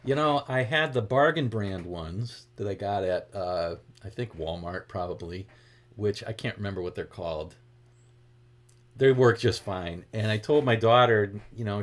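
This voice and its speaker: A middle-aged man with a Boston accent, a guitar teacher chatting casually on a livestream and greeting viewers by name. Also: fairly low pitch.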